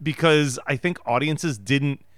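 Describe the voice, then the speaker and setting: A man's voice: fairly high pitch, measured pace, a bit bright, no echo, studio quality. A man co-hosting a casual movie podcast, laughing often and acting out lines in mock-dramatic voices. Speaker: podcast co-host. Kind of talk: casual movie review chat.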